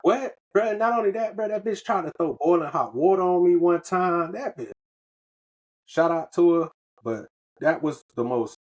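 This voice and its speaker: A man's voice: high voice, animated, normal speed, dull audio. A man from the US, telling a loose, profane story on a podcast in casual slang. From Southern United States. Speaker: podcast co-host.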